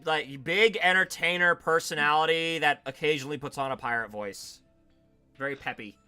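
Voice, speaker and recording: A man's voice: on the high side, moderate pace, faint music behind. A man hosting a casual let's-play, reading the characters aloud with jokes, swearing and laughter. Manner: animated, jokey, swears and laughs often. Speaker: host voicing game characters.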